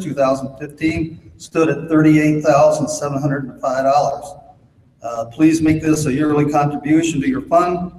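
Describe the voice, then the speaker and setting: A man's voice: on the high side, darkish tone, slight background noise. Minnesota guy at a convention podium, folksy joke telling, lots of uh's, big echoey hall. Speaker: Boy Scout chairman. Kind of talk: convention speech with jokes.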